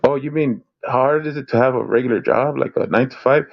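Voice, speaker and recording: A man's voice: medium pitch, fast talker, gravelly, muffled recording. A man co-hosting a casual video reaction chat, rambling and repeating words as he talks, often laughing.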